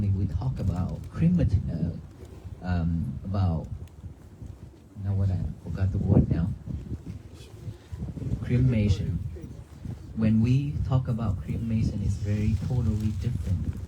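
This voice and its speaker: A man's voice: on the low side, background noise. A man, a monk giving an earnest sermon to a crowd in a church cemetery, speaking in simple phrases and asking them questions. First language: Vietnamese. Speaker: monk giving a dharma talk.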